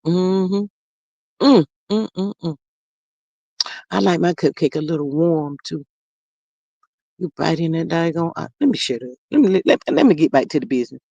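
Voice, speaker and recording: A woman hosting a casual gossip livestream, reading chat comments aloud and drawling slang, swinging between loud calls and low murmurs. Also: lively intonation, moderate pace, gravelly, pauses often, no room sound, dull audio. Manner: drawling Southern slang, says child a lot, reads comments aloud.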